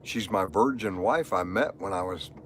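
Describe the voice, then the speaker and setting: Middle-aged guy rambling on his live stream, low voice, repeats himself a lot, faint hum behind him. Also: normal speed, fairly bright tone. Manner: rambling, repetitive, emotional. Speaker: livestreamer. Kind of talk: live stream monologue, reading chat.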